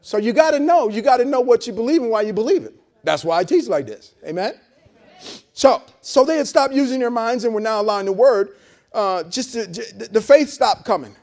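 A man's voice: very high-pitched, lively intonation, brisk, a little mellow. A male pastor preaching a sermon in a loose, conversational way, repeating words, trading amens with the congregation and making blunt, joking asides. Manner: conversational preaching with frequent repeats and call-and-response. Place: church service held in a hotel venue.

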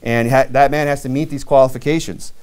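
A man's voice: mid-range voice, steady tone, fairly quick, darkish tone, clear, resonant tone. A man preaching a sermon as pastor in a church, reading scripture aloud and talking plainly with frequent restarts.

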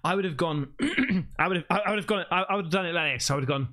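Man, high bright voice, animated pitch, casual reaction commentary, blunt, swears a lot. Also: fast. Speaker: video reactor.

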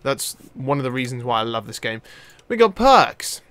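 A young man, commentating on gameplay casually, excitable and swearing often. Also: medium pitch, normal speed, no room sound. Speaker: let's play host.

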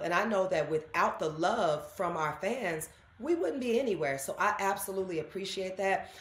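A woman, chatting as an interview guest and acting out the people in her stories. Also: lowish voice. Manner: animated storyteller, acts out quoted voices. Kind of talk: casual interview chat. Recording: echoey room.

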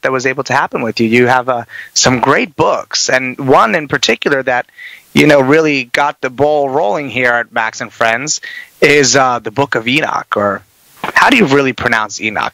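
A man hosting a radio talk show, introducing and questioning a guest in an upbeat, energetic way. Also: medium pitch, moderate pace, gravelly, dry recording, rough recording.

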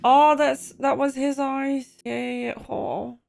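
A woman's voice: high-pitched, little pitch movement, slow, creaky, darkish tone, faint music behind. A young woman giving a first-time movie reaction, emotional and given to gasps and exclamations.

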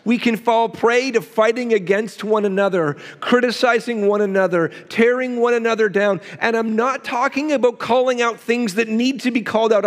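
A male pastor preaching a sermon, with emphatic repetition and quick asides to the congregation. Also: very high voice, big-room sound.

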